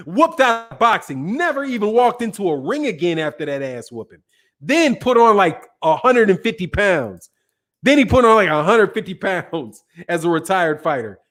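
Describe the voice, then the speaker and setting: A man hosting a live boxing talk stream, casual and blunt, profane and quick to laugh at his own jokes. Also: high voice, big pitch swings, fairly bright tone. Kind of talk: casual live-stream chat reading viewer comments.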